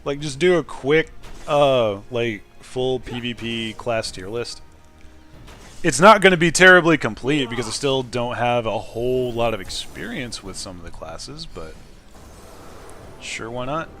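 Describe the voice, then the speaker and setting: A man streaming a video game, chatting casually and swinging between loud outbursts and quiet muttering. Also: medium pitch, animated, measured pace, faint music behind. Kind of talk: casual gaming stream chat.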